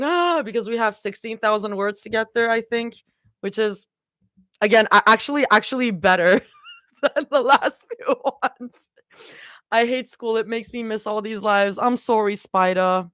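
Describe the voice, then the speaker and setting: A woman's voice: medium pitch, fairly bright tone, dry recording, studio quality. Giggly young woman chatting on stream. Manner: giggly and rambling, talks to chat. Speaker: livestream fanfiction reader. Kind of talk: casual livestream chat.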